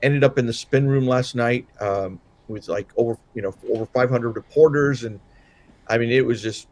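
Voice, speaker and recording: A man's voice: medium pitch, normal speed, a little mellow. A man co-hosting a political podcast, tired after a late night, talking in a loose, rambling way with many restarts and fillers. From Southern California. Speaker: podcast co-host. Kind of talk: casual political chat.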